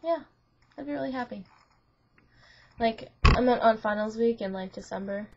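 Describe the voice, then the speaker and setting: A woman's voice: fairly high pitch, normal speed, background noise. A young woman telling a friend about a dream in a casual, rambling way, giggling and saying "like" a lot. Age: young adult. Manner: rambling, giggly, full of "like" and restarts. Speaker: student vlogger. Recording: lo-fi webcam audio.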